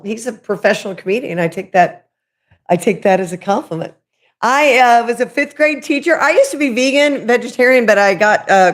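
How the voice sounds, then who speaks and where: A woman hosting a casual spiritual livestream, talking loudly and candidly, rambling and restarting her sentences and swearing casually. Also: fairly high pitch. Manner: loud, chatty, rambling with frequent restarts. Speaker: livestream host.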